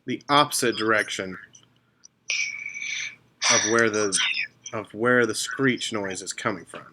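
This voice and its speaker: Slow, pausing man narrating a game. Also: on the low side, noisy background. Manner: unhurried, with pauses and fillers. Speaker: game master.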